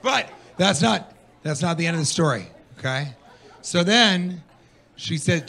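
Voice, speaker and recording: Brief: male stand-up comic on stage, bright voice, lots of lively pitch swings, playful with the crowd. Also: unhurried, creaky. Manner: animated, playful, riffing with the audience. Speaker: stand-up comedian. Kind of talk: stand-up comedy set. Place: comedy venue stage.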